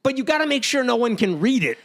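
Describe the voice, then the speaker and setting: A man's voice: very high voice, fast. A man co-hosting a podcast, chatting casually and reading out quotes with sarcastic asides. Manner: animated, reads out quotes with sarcasm. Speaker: podcast co-host. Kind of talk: casual chat.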